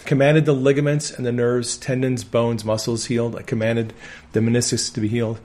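A man's voice: medium pitch, flat delivery, fairly quick, darkish tone. A man who works on an ambulance, preaching a sermon and telling personal healing testimonies with earnest conviction. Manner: earnest storytelling with firm conviction.

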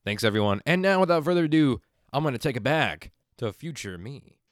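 A man hosting a podcast, chatting casually and reading an ad with quick enthusiasm and the odd swear. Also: mid-range voice, animated, no echo, studio quality. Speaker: podcast host. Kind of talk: casual podcast chat and read ad.

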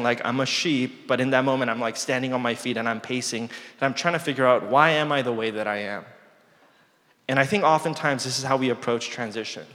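Earnest young pastor in a reverberant sanctuary. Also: male voice, medium pitch. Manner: earnest, reflective preaching with soft dropped phrases and light self-deprecating humor. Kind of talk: sermon. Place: church sanctuary. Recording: long church hall reverb.

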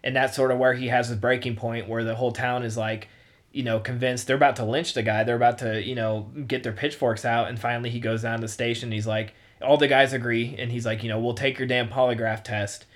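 A man's voice: mid-range voice, flat delivery, fast talker, a bit bright. A man casually discussing a movie as a podcast host, rambling and restarting often. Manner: rambling, full of "you know" and restarts.

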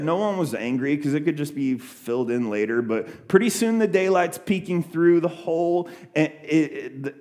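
A man's voice: medium pitch, darkish tone. A young adult man preaching a sermon, retelling a scripture story in a loose conversational way with many fillers and restarts. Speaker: pastor.

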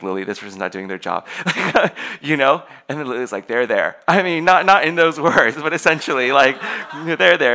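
Forceful, bright-voiced preaching man. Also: mid-range voice, gravelly. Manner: animated, laughing, stumbling restarts. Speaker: pastor. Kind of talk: sermon.

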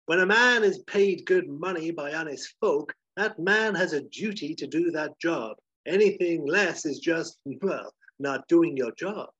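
A man's voice: high voice, very animated, takes it slowly, husky, voice pushed up, heavily acted. A man voicing a pompous, self-proud cowboy hero who talks in a preachy, puffed-up way. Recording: slightly dull lo-fi recording.

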